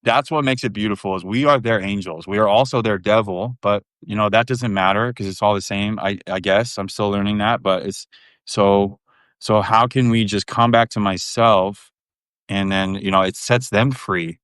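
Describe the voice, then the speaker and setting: A man's voice: on the low side, fairly even intonation, moderate pace, fairly bright tone, smooth, no room sound, studio quality. A man in his thirties talking candidly as a podcast guest, frank and rambling, with plenty of swearing. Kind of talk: candid casual conversation.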